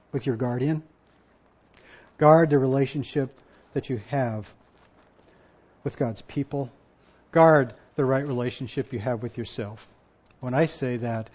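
A male pastor giving a sermon, moving from quiet personal reflection to loud, emphatic repetition. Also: medium pitch. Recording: dull lo-fi sound.

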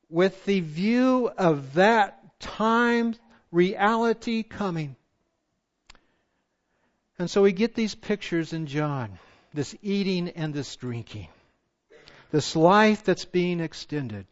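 A man preaching a sermon as pastor, full of passion and rhetorical questions, his voice swinging from loud to hushed. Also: on the high side, dull audio.

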